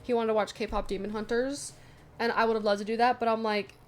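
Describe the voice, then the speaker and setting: A young adult woman casually chatting to her viewers, telling a funny story with lively asides. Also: fairly high pitch, brisk. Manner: chatty, animated retelling with asides. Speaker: vlogger.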